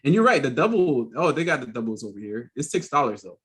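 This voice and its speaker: Animated, laughing man on a podcast. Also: mid-range voice, quick pace, husky. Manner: animated storyteller who acts out quoted voices; laughs often mid-sentence. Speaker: podcast host. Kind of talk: casual chat.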